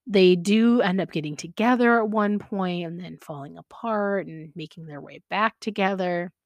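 A chatty woman with a slightly low voice, talking casually as a podcast host. She laughs often and leans on fillers as she goes. The sound is close and dry. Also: dry recording. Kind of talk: casual chat about fan fiction.

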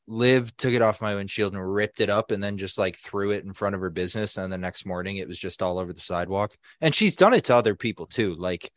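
A young adult man co-hosting a podcast, telling a story in a casual, animated way, swearing freely and acting out what other people said. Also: fairly low pitch, quick pace, hardly any pauses, no echo, clean studio sound. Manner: animated, profane, acts out quoted people. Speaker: podcast co-host.

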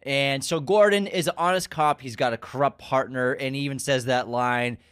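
A man co-hosting a casual podcast, recapping a movie scene by scene, joking and swearing in relaxed bro talk. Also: medium pitch, normal speed, smooth. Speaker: podcast co-host.

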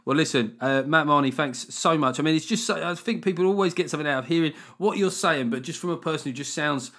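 A man's voice: a little high, quick pace, fairly bright tone. Jokey man hosting a podcast. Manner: jokey, banter-filled, laughs often. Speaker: podcast host. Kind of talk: casual chat.

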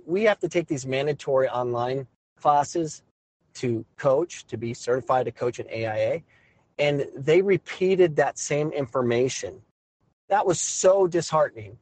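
A middle-aged man, a high school soccer coach, talking through a frustrated, exasperated rant. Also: darkish tone, low-quality recording. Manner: exasperated, ranting. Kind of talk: frustrated monologue.

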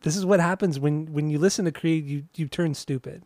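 A man's voice: on the high side, brisk, a little mellow, no echo. Wry male co-host, dry close sound. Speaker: podcast co-host. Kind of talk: casual chat.

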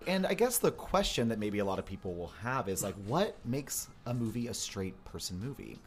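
A man's voice: on the low side, very animated, fairly quick, a little hiss or hum. A man co-hosting a casual comedy podcast, teasing playfully and peppering his talk with "like". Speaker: podcast co-host.

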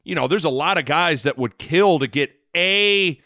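A man's voice: on the high side, moderate pace, pushed and bright, no room sound, studio quality. A man co-hosting a sports talk podcast, talking earnestly with many restarts and rambling asides.

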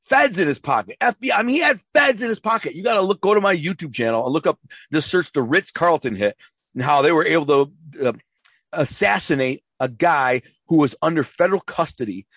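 A man's voice: fairly high pitch, expressive, a little fast, a bit bright, husky, no echo. A man telling rambling, profane stories in a casual interview, full of restarts and acted-out quotes, from the Detroit area. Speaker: interview guest, former mob associate and author.

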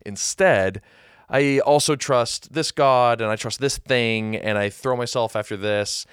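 A man's voice: mid-range voice, unhurried, clean tone, no room sound, clean studio sound. A man hosting a podcast, talking through a Bible passage in an earnest, reflective way and thinking aloud. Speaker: podcast host. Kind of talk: casual conversation about the Bible.

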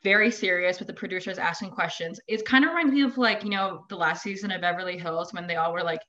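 Chatting animatedly from home with dogs nearby, a woman guest on a podcast talks casual pop culture and acts out what people said, quoting them in lively bursts. She has a lowish voice, talks fast, and the highs are cut off.

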